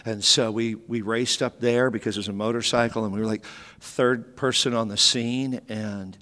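A man in his fifties preaching a sermon as pastor, animated and joking, with sudden emphatic bursts. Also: mid-range voice, normal speed. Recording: long hall reverb.

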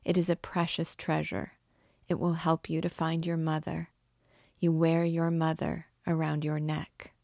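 A woman's voice: monotone, unhurried, gravelly, darkish tone, dry recording, studio quality. A woman voicing a frightened young woman condemned to die, pleading in a raised, breathless voice in a dramatic novel reading. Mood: earnest. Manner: pleading, breathless, higher pitched.

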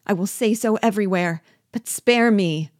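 A woman's voice: normal speed, no room sound, clean studio sound, natural voice. A woman reading a novel aloud, voicing a terrified man who frantically begs for his life. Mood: terrified pleading. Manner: shrill frantic begging.

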